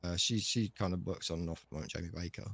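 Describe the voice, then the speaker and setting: This is a man doing a chatty shop manager in a role-play game, talking in a loose, rambling way full of fillers. The voice sits low with a gravelly edge. It is recorded close, with a dry, dead sound. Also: steady tone, racing, a bit bright, no echo, full character voice. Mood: easygoing. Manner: rambling, filler-heavy and easygoing. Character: laid-back male shop manager, chatty. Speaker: shop chief operating officer.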